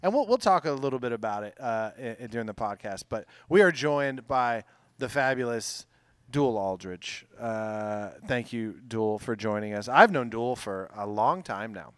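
A middle-aged man hosts a loose comedy podcast, full of cursing and animated tangents. His pitch leaps all over the place as he tells stories. The sound is close and dry, with no room echo. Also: moderate pace, smooth. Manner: profane, animated storytelling. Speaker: podcast host. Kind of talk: casual comedic podcast banter.

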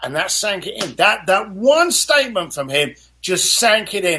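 Animated, husky-voiced man telling stories. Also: high voice, normal speed, few pauses. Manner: animated storyteller, acts out voices. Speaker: guest author. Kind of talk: motivational interview talk.

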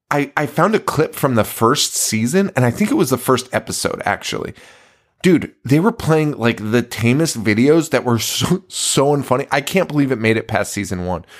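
Lively rambling podcast co-host man. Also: mid-range voice. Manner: rambling, laughing, profane. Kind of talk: casual chat.

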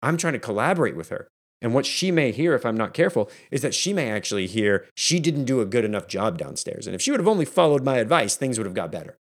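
A man's voice: mid-range voice, fast talker. A man hosting a solo podcast, speaking energetically and conversationally as a leadership coach. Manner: energetic and conversational, acting out quoted family moments.

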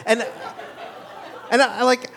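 A man telling a true story on stage, conversational and full of "like" fillers and quick asides. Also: very high voice, fairly even intonation, gravelly, fairly bright tone, a faint crowd, slight background noise. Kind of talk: live storytelling.

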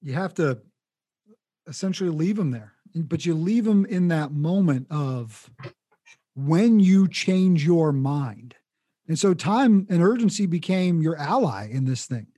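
A man's voice: a little high, animated, measured pace, warm tone, dry recording. A male interviewer who reflects on and sums up his guest's story before asking what came next. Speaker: interviewer host. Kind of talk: interview questions.

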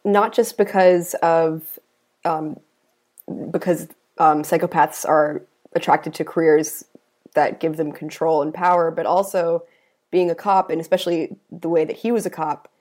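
A woman's voice: low-pitched, steady tone, unhurried, darkish tone. A woman co-hosting a casual true-crime discussion, explaining her points in a thoughtful way. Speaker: podcast co-host.

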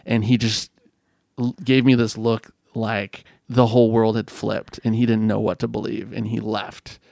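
A man's voice: on the low side, normal speed, creaky, no room sound, studio quality. A man from California, a podcast guest, telling a story in a loose, chatty way, full of restarts and "like.". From California, USA. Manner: animated storyteller, frequent restarts and "like". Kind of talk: casual storytelling chat.

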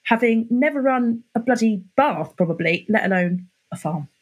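Woman, podcast co-host, very husky, fairly high voice. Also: lively intonation, moderate pace. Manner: exasperated, sarcastic. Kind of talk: casual chat.

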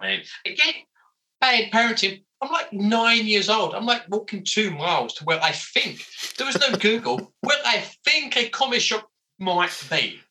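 A man, a comic book writer telling animated, self-mocking stories as an interview guest, full of fillers. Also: sits high, measured pace, rough recording. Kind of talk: casual interview storytelling.

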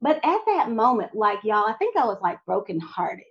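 A young adult woman telling a personal faith testimony in an animated way, talking straight to her audience. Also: mid-range voice, moderate pace, muffled recording. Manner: animated, addresses audience directly. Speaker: speaker sharing a testimony.

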